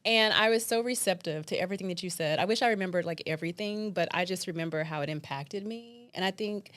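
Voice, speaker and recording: A woman's voice: lowish voice, fast, fairly bright tone. A woman, co-hosting a casual chat. She talks emotionally, laughs often and says "like" a lot. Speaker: podcast co-host.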